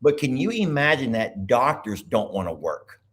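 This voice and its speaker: A man's voice: mid-range voice, moderate pace. A man hosting a live video chat, chatty and full of questions for callers. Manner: chatty, animated, asks many questions. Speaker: live stream host.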